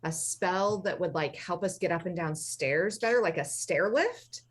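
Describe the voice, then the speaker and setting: A woman's voice: lowish voice, expressive, moderate pace, husky. A woman playing a tabletop game, rambling and hesitant with many fillers. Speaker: player. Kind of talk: casual tabletop game chat.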